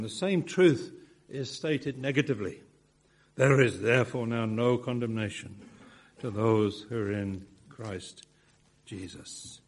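A man preaching an expository sermon, with measured phrasing and emphatic repetition. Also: mid-range voice, slightly rough.

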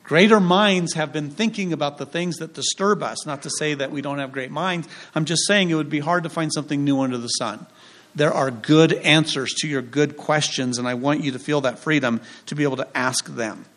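Chatty male pastor, slightly high voice. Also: a little fast, fairly bright tone. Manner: conversational preaching, jokes and rhetorical questions. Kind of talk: sermon.

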